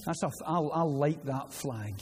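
A man with a Glaswegian Scottish accent preaching a sermon, earnest and prone to repeating words as he gets excited. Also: a little high, measured pace, slight background noise. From Scotland. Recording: long hall reverb, faint ambience.

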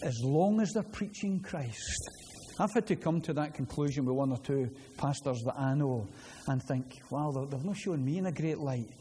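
A man with a Glaswegian Scottish accent preaching a sermon, earnest and prone to repeating words as he gets excited. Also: medium pitch, moderate pace, a little hiss or hum. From Scotland. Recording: long hall reverb, faint ambience.

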